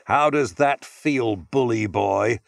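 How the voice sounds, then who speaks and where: A man's voice: medium pitch, takes it slowly, creaky, no room sound, studio quality. A man reading an audiobook voices a brave schoolgirl who speaks coolly and cuttingly to a bully. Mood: scornful. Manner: cool, cutting. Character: brave schoolgirl, cool and scornful.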